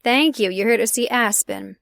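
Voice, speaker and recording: Older woman, prim, overly polite, bright, put on by a female reader, dry sound. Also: fairly high pitch, moderate pace, creaky, no echo.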